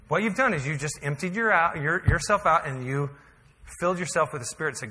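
A man's voice: a little high, lively intonation, fast, pushed and bright. A man preaching a sermon as pastor, telling a story in a conversational, humorous way that builds to emphatic peaks. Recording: hall reverb.

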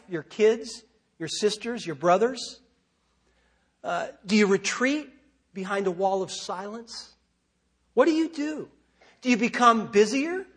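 A man's voice: sits high, a bit bright, breathy edge. A man preaching a sermon in a conversational way, asking his listeners rhetorical questions. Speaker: pastor.

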